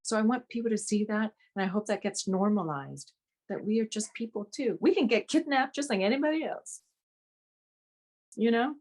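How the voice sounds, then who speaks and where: A woman's voice: on the high side, expressive, normal speed, a little mellow. Chatty laughing woman from Vietnam. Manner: chatty, laughs often between phrases. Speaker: actress being interviewed. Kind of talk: casual interview chat.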